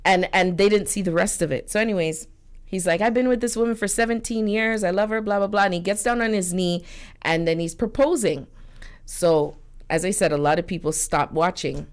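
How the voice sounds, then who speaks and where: Woman radio co-host, animated and indignant storyteller, laughs often. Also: fairly low pitch, normal speed. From Canada. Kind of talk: casual radio commentary. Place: radio studio.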